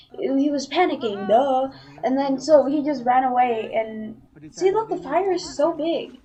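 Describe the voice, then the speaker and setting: A woman's voice: high voice, mellow, low-quality recording. A woman casually telling a story on a live stream, rambling with lots of "like" and restarts.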